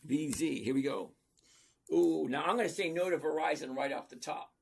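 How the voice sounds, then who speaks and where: Husky-voiced trading streamer, mid-range pitch, casual and blunt, playful, repeats points for emphasis. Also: normal speed. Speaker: stock trading livestream host. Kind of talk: casual livestream chat reading viewer comments.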